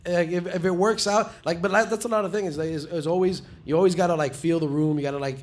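Rambling comedian with a slightly high voice. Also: male voice, fairly even intonation, quick pace, a little mellow. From Texas. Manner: rambling, heavy on filler words. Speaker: guest comedian. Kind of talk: casual podcast chat.

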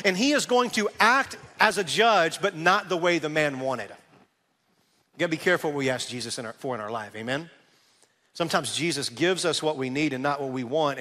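A man preaching a sermon as a pastor, conversational and animated, with asides to the congregation. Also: fairly high pitch, big-room sound.

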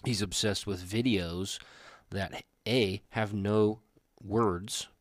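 A young adult man co-hosting a podcast, telling animated, rambling stories in casual chat. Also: fairly low pitch, takes it slowly, no echo, clean studio sound. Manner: rambling, animated storytelling with restarts. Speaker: podcast co-host.

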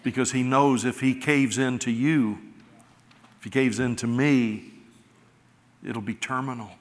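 A middle-aged male pastor preaching a sermon, swelling loud on key words and then dropping soft. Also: mid-range voice, fairly even intonation, measured pace. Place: large church sanctuary. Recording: church hall reverb.

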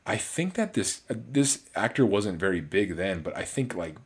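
Male film reviewer, very low voice, casual and rambling. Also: sing-song, moderate pace, breathy edge. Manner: rambling, frequent restarts and fillers. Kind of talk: casual solo movie review.

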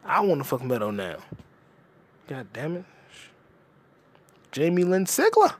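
A man hosting a comedy podcast, ranting casually with lots of profanity and quick jumps between topics. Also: a little high, huge pitch swings, breathy edge. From United States. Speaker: podcast host.

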